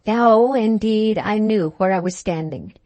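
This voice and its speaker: A woman narrating a classic novel for an audiobook in a steady, measured storytelling manner. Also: mid-range voice, no echo. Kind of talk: scripted narration.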